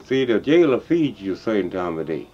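An older man with a Texas Southern accent, telling a folk story in a slow, drawling, chuckling way. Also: fairly low pitch, big pitch swings, dark tone, a little hiss or hum. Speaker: blues songster and storyteller. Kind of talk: folksy spoken storytelling. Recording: dull lo-fi field recording with guitar.

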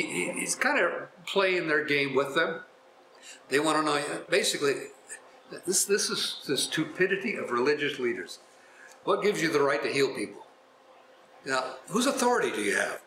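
A man leads a Bible class, reading scripture aloud and breaking off for folksy, chuckling explanations. His voice sits a little high and has a bright, forceful edge. He was recorded in an echoey church room with faint background noise. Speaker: pastor teaching a Bible class. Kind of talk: scripture reading with casual commentary.

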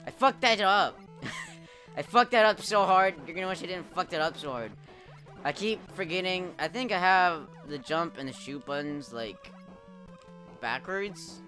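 A young man commenting live on his gameplay, swearing a lot, laughing often and yelling at the game when he fails. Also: sits high, measured pace. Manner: profane, excitable, laughs often, shouts at the game. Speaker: streamer playing a retro game. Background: game music.

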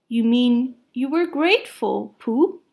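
Storybook: timid tiny piglet, nervous and quiet, woman reading. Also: fairly high pitch, expressive, slow pace, vocal fry, heavily acted. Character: timid very small male piglet.

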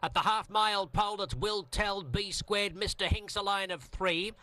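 A male race caller with a high, bright, ringing voice. He rattles off the running order in a rapid, rhythmic cadence, as in live horse race commentary. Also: no echo.

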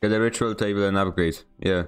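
A man's voice: fairly low pitch, fairly even intonation, a little fast, clear, resonant tone, soft background music. A man from Poland with a Polish accent, streaming a game and chatting with viewers in a rambling, self-deprecating way. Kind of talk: casual gameplay stream commentary.

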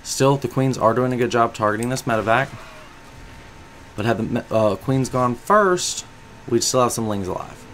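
A man's voice: mid-range voice, normal speed, a bit bright, a little hiss or hum. A man giving analytical commentary on a strategy game, coaching the viewer and asking them questions.

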